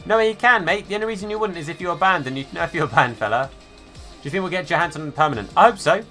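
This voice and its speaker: Bright-voiced streamer chatting with viewers. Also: male voice, a little high, lively intonation, quick pace, faint music behind. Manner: chatty, reads and answers chat by name, calls viewers mate and fella. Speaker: live streamer. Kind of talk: casual live-stream chat.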